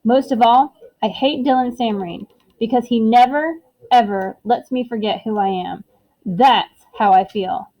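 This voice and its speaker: A woman's voice: a little high, normal speed, warm tone, low-quality recording. A woman reading a middle-grade novel aloud in the first person, with plain and earnest storytelling. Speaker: audiobook narrator. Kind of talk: first-person audiobook narration.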